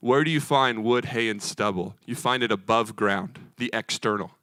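A man's voice: lowish voice, moderate pace, a bit bright, no room sound. Earnest male preacher, dry close sound. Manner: earnest, emphatic, rhythmic repetition. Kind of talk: sermon.

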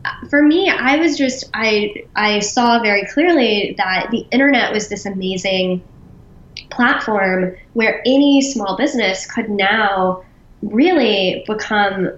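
A woman being interviewed as a business founder, chatty and quick to laugh, with frequent restarts. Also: medium pitch, fairly bright tone, reverberant, lo-fi sound. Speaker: podcast guest, business founder. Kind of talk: casual interview talk.

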